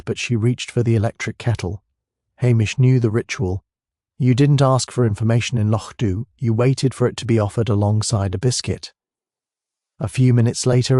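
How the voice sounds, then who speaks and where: A man narrating a mystery story in a steady, even storytelling voice. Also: mid-range voice, dry recording, studio quality.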